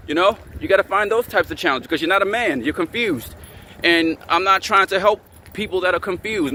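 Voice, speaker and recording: A man's voice: sits high, pushed and bright, slight background noise. Angry man ranting at his camera. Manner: angry, repetitive and profane. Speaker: channel host.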